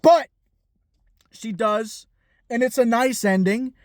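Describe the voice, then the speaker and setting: High-voiced man ranting about a film. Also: slow, no room sound, clean studio sound. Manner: emphatic, profane, many restarts. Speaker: film reviewer. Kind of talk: casual film review vlog.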